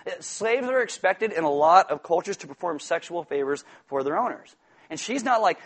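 A man preaching a sermon in an animated, joking way, acting out quoted voices. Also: sits high, fairly quick, husky. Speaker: pastor.

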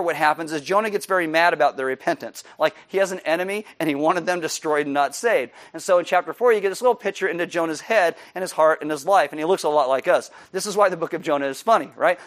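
A man's voice: on the high side, fairly bright tone. A male pastor preaching a sermon in a conversational, humorous way, explaining scripture.

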